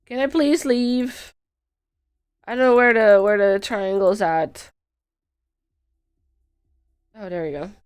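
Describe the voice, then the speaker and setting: A woman's voice: medium pitch, slow pace, pauses often, clear, resonant tone, soft background music. A woman streamer chatting casually through a puzzle game, sick and sleepy, playful and self-mocking. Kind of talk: casual gameplay commentary.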